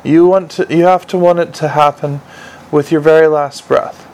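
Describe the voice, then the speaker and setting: A man's voice: a little high, steady tone, normal speed, a little mellow, slight background noise, natural voice, low-quality recording. A man voicing an earnest, dutiful young watch captain who speaks politely.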